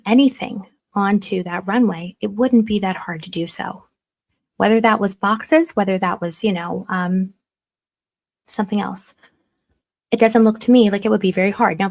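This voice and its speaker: A woman talking through her investigation in a casual commentary, rambling with restarts and speculative asides. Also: medium pitch.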